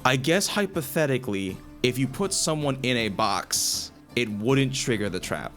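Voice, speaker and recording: A man's voice: mid-range voice, animated, moderate pace, fairly bright tone, soft background music. A man running a tabletop game as dungeon master, explaining the rules with many restarts.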